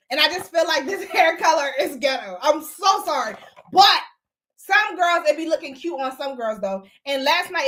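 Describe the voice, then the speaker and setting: A woman's voice: high voice, bright, forceful tone. A woman hosting a casual live stream, gossiping bluntly and profanely while she greets and answers viewers. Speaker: host.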